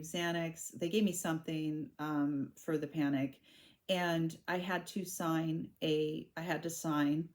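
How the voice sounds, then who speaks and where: A woman in her forties telling her own story to camera in a candid, halting way, often restarting her sentences. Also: deep voice, darkish tone. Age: 40s.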